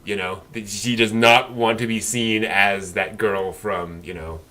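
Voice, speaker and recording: A man's voice: on the low side, fairly even intonation, a little slow, pushed and bright. A man co-hosting a casual anime discussion, rambling with many fillers and restarts. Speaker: podcast co-host.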